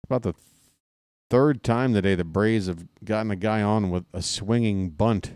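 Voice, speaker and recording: A man doing casual live baseball play-by-play from his apartment, wisecracking and drifting into asides between pitches. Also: moderate pace, darkish tone, dry recording, studio quality. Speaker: play-by-play broadcaster. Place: home apartment.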